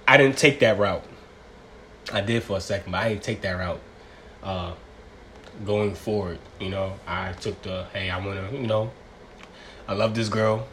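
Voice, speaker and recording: A man's voice: deep voice, fairly bright tone, a little hiss or hum. A young man hosting a casual solo podcast, talking in a profane, rambling, slang-heavy way. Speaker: podcast host.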